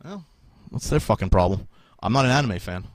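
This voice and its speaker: This live podcast host speaks on the low side, animated and fairly quick, with no room sound at all. He rages sarcastically, cursing a lot and erupting in laughter now and then.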